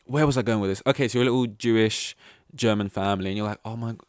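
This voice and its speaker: A man's voice: lowish voice, very fast, smooth, no room sound, clean studio sound. Young man rambling through a solo podcast. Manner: rambling, full of restarts and tangents. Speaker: podcast host.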